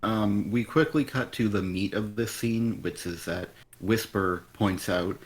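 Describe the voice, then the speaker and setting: A man with a fairly low voice picks apart a comic on a live stream. He talks casually but bluntly, and his exasperation spills over into profanity. His criticism comes across as sharp and unimpressed. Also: measured pace, few pauses. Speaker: comic review stream co-host.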